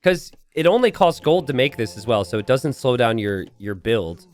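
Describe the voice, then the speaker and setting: A man's voice: mid-range voice, big pitch swings, moderate pace. A man commentating on a strategy game match live, breaking down the map and each player's plans in an easygoing way. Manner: analytical, easygoing.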